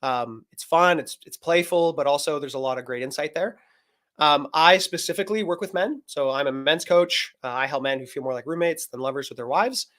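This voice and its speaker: Speaking a little fast with a slightly high, fairly bright voice, a male guest who works as a men's coach explains things sincerely during a live video-call interview, acting out snippets of conversation.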